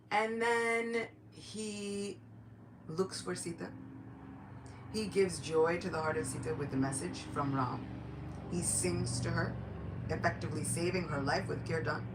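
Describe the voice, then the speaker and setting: Woman doing a chatty temple-style story lecture, kinda low voice, faint hum behind. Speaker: devotional lecturer.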